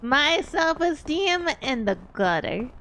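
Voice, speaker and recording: A woman's voice: high-pitched, big pitch swings, takes it slowly, a bit bright, a little hiss or hum. A woman streamer chatting casually and candidly, rambling a little and swearing offhandedly.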